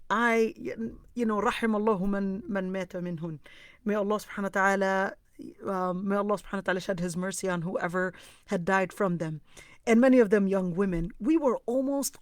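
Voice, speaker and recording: A woman's voice: medium pitch, no echo. A woman teaching a class tells a story with energy and plays each person in it. Her voice sits in a middle register. The recording is dry and close. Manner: lively storyteller, acts out quoted dialogue. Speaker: Islamic teacher leading an online class. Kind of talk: storytelling lesson.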